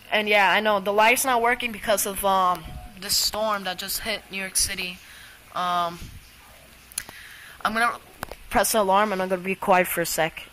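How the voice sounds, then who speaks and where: A woman filming an excited, rambling weather vlog outdoors in a storm, stumbling over words with lots of fillers. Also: mid-range voice, slight background noise, rough recording. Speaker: amateur weather vlogger.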